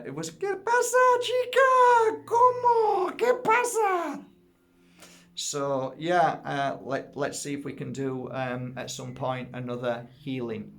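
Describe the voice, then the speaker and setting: A man's voice: creaky, a little hiss or hum. A man hosting a casual chat video as a spiritual healer, rambling and hesitant with many fillers and restarts. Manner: talks in a high sing-song baby voice to his dog.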